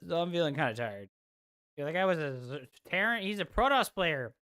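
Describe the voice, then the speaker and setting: A woman's voice: sits low, sing-song, brisk, a bit bright. A woman streaming a game, chatting casually with her viewers in crude, profane, teasing banter. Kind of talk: casual gaming stream chat.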